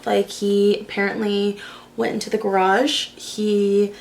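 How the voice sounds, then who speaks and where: A woman's voice: mid-range voice, flat delivery, unhurried, creaky, a little mellow, slight background noise. A young woman from Arizona, chatting casually and swearing freely while doing her makeup, telling a story full of "like". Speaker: beauty vlogger.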